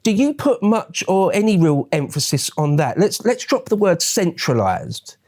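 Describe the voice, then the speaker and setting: A man's voice: high-pitched, big pitch swings, moderate pace, darkish tone. A male host in a casual interview, chatting and asking long, rambling questions with frequent restarts.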